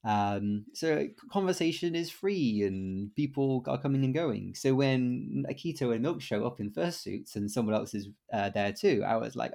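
Gravelly rambling man telling stories. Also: medium pitch, lively intonation, normal speed, few pauses, mellow. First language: English, some Welsh. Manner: rambling storyteller with many fillers and restarts. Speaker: podcast co-host. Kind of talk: casual podcast chat.

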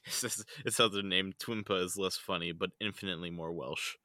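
Deep-voiced man, laughing podcast co-host. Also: fairly even intonation, a little fast, bright, forceful tone, no echo, studio quality. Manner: laughs often, swears casually. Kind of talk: casual podcast chat, reading out a list.

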